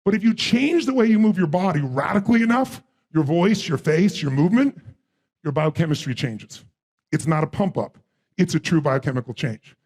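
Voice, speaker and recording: A man giving a live seminar address as a motivational speaker, firing rapid questions and commands at the audience. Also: on the high side, lively intonation, a little mellow. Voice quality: gravelly, husky voice.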